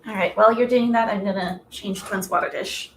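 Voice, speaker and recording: A woman's voice: medium pitch, fairly even intonation, fairly quick, slight background noise. Woman chatting off-mic in an echoey room. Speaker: co-host. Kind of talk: casual chat.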